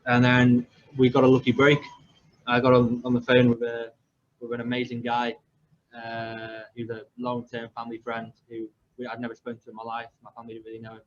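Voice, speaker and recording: With a completely flat delivery, a young man from England speaks briskly in a mid-range voice. As a podcast host telling his own story casually, he rambles, makes fun of himself and restarts often amid many fillers. The recording is dull-ish lo-fi with faint noise.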